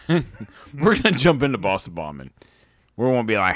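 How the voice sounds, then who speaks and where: A man's voice: mid-range voice, big pitch swings, measured pace, fairly bright tone, dry recording, clean studio sound. A man co-hosting a podcast in casual, laughing, rambling banter while drinking. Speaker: podcast co-host. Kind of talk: casual chat.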